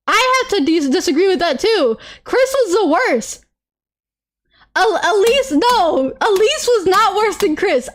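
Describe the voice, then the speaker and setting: Young woman streamer, very high voice, worked-up rant, repeats herself. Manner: animated, ranting and repeating herself, with laughs and apologies. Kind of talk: casual live-stream rant.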